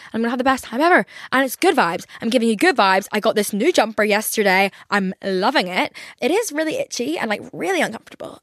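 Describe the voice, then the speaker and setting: Her mid-range, fairly bright voice comes through clean and echo-free in studio quality. She's a young woman in her twenties hosting a podcast alone, talking loosely with plenty of fillers and casual cursing.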